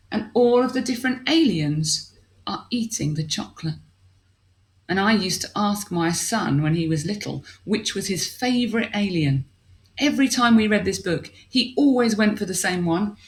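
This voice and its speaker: A woman teacher reading a picture book aloud to young children, asking them questions as she goes. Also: medium pitch.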